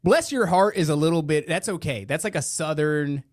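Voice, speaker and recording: A man's voice: fairly high pitch, moderate pace, no echo. A man hosting a casual live podcast, ranting with profane, sarcastic jokes into a close mic while wearing headphones. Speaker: podcast host. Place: indoor room beside a meeting room. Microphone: headphones and close studio mic.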